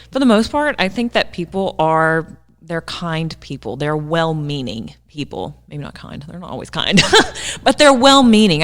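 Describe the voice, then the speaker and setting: A woman's voice: sits low, big-room sound. A woman co-hosting a casual podcast chat, speaking in an earnest, reflective way. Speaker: podcast co-host.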